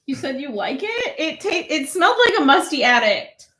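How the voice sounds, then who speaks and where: Brief: teasing female co-host, fairly high and chatty. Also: big pitch swings, moderate pace, pushed and bright, reverberant. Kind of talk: casual livestream chat.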